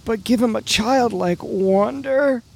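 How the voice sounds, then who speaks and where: A man's voice: very high voice, slow pace, vocal fry, darkish tone, voice pushed up, heavily acted, rough recording. A man putting on a confused old man's voice with childlike wonder, throaty and strangled, air pulled to the back of his throat. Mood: bemused.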